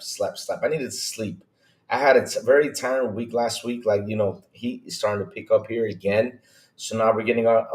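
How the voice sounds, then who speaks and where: A man hosting a gaming podcast livestream, chatting casually, greeting viewers by name and teasing in a lively way. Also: on the low side. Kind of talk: casual livestream chat reading viewer comments. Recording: roomy echo.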